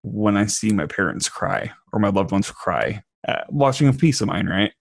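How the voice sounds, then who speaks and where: Laid-back podcast host with a lowish voice. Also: male voice, animated, moderate pace, gravelly, no echo, clean studio sound. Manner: laid-back, conversational, uses filler words. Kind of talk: casual podcast interview.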